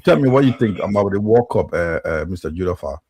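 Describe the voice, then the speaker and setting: Casting: low, husky Liberian male talk host, hesitant and full of fillers. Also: animated, a little mellow, no echo. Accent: Liberian English. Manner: halting, many fillers and restarts. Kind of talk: casual talk show chat.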